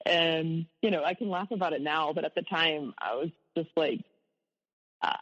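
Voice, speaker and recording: A woman's voice: low-pitched, moderate pace, pauses often, long reverb tail, highs cut off. A woman, an abuse survivor, telling her story candidly in an interview, with rueful laughs at hard memories.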